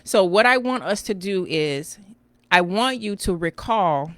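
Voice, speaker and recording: A woman's voice: mid-range voice, measured pace, no echo. Middle-aged woman, financial coach, chatty and folksy; close, dry sound. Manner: animated, folksy, calls listeners "girl" and "child". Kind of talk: casual live-stream talk.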